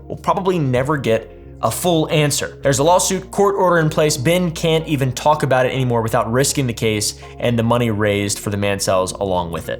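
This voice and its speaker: Male commentary host, casual storyteller, sarcastic and a bit profane, mid-range voice. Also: medium pitch. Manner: sarcastic asides, swears, restarts mid-sentence.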